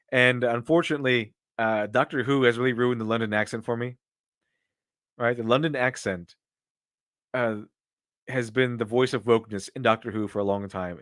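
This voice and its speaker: A man's voice: mid-range voice, fairly bright tone, no echo, studio quality. A man doing casual live-stream commentary and answering viewer donations, with rambling, opinionated talk full of restarts.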